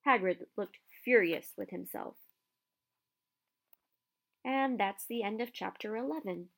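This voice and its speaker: A woman narrating a children's novel aloud in a steady, even storytelling voice. Her pitch sits in the middle range for a woman. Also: a little slow, creaky. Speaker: audiobook reader.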